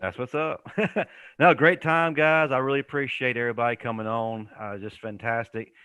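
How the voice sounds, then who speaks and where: A man's voice: medium pitch, steady tone, normal speed, bright, forceful tone, smooth, dry recording, muffled recording. A man hosting a sports talk show, thanking guests with enthusiasm. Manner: laughing, enthusiastic. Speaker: show host. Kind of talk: casual chat.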